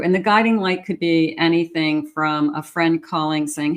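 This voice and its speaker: A woman giving a love tarot reading, speaking straight to the viewer in an encouraging way with frequent pauses and fillers. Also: deep voice. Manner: warm, encouraging, talks directly to the viewer with many fillers. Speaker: tarot reader.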